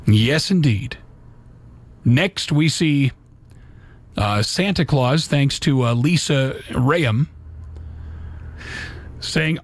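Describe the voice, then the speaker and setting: A man's voice: mid-range voice, very slow, pauses often. A man hosting a live radio talk show, reading holiday memes aloud in a folksy, casual way with little asides.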